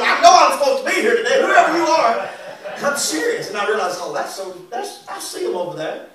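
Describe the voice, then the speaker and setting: A man, preaching and singing as an evangelist, folksy and animated with laughing asides. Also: very high-pitched, quick pace, a crowd in the background. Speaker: evangelist and singer. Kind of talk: lively sermon with congregation call and response. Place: church sanctuary. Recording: echoey church recorded from a distance.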